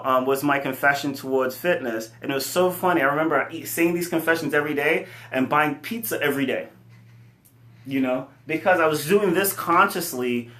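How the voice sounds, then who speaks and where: A man running a fitness company, giving an earnest, animated motivational talk full of fillers. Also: a little high. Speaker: fitness company CEO and coach. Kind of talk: casual motivational talk to camera. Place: room with his computer. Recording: echoey room.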